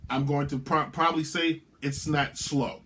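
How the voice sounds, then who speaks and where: A man's voice: fairly high pitch, moderate pace, slight background noise. Brash male sports show host. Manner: brash, animated, sing-song rants. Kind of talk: opinionated sports commentary monologue. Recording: music bed underneath.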